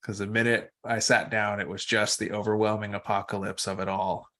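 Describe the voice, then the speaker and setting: A man's voice: fairly low pitch, fairly quick. Male meditation teacher, loose and playful, drifts off on tangents, video-call mic. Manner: rambling, playful, animated, swears casually. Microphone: external microphone on a video call.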